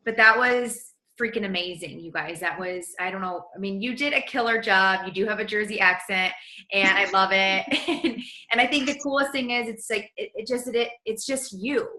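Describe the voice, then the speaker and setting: A woman hosting a motivational team coaching call, gushing and energetic in casual chat. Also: mid-range voice, moderate pace, roomy sound, low-quality recording.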